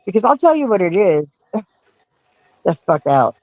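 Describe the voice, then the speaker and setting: A woman's voice: medium pitch, very animated, unhurried, dry recording, dull audio. A woman hosting a livestream, scolding her chat in a profane, confrontational rant. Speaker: livestream host.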